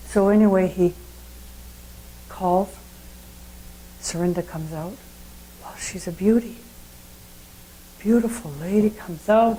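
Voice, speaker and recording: A woman's voice: mid-range voice, mellow, rough recording. A woman giving a sermon at a spiritual centre, telling a story in a conversational way and putting questions to the audience.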